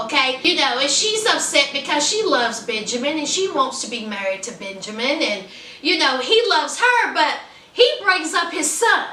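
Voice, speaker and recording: A woman recaps a reality show in a chatty, sassy way, her voice high and bright. She sits a little back from the mic in a room that echoes. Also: normal speed, far from the mic, slight background noise. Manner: chatty, sassy, animated storytelling. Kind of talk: casual recap commentary.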